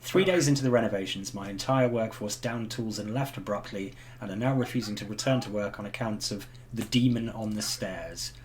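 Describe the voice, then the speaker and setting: A man's voice: lowish voice, brisk, few pauses, natural voice. A man reading out a letter as a posh male pub owner, formal and stiff. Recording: noisy home recording.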